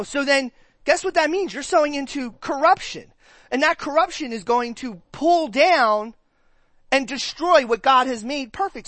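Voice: high-pitched, no room sound. A pastor preaching a conversational sermon to a church, asking the congregation questions and acting out their reactions. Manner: animated, acts out listeners' reactions in quick put-on voices.

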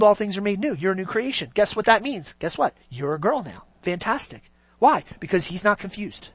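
Preacher with big loud-to-soft swings. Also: mid-range voice, very animated, breathy edge, no room sound. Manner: dramatic swings from loud emphasis to near-whispers; slow, drawn-out stresses on key words. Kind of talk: sermon.

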